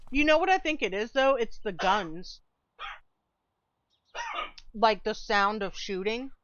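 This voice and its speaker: A woman's voice: a little high, expressive, slow pace, highs cut off, noisy background. A woman streamer chatting casually with viewers while playing a game, laid-back and swearing freely, sometimes eating as she talks. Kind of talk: casual gaming stream chat.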